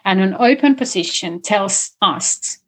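A woman guest in an interview, explaining communication skills in a lively conversational way and demonstrating tones of voice as she talks. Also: medium pitch, a little slow. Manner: animated, explains with spoken demonstrations.

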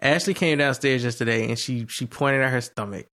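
A young man on a podcast, telling animated stories about his pregnant partner, with laughs and profanity along the way. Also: medium pitch, brisk. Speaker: podcast host. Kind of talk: casual chat.

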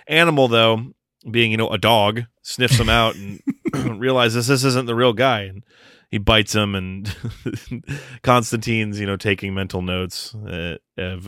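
A man's voice: fairly low pitch, a bit bright, clear, resonant tone, no echo. Man, casual podcast co-host, joking plot recap, dry close sound. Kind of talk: casual movie podcast chat.

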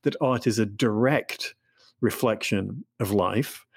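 A man's voice: fairly low pitch, creaky, husky, no room sound, clean studio sound. A man, an author and literature professor, speaking thoughtfully in an interview with frequent restarts, then reading from his novel. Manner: thoughtful, halting with restarts and fillers.

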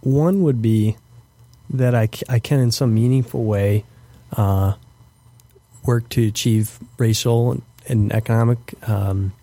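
A young man speaking as a podcast guest in a warm, mellow voice. He answers slowly and thoughtfully, restarting sentences often. The sound is dry and close. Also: medium pitch, steady tone, dry recording. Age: young adult. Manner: hesitant, many restarts and fillers.

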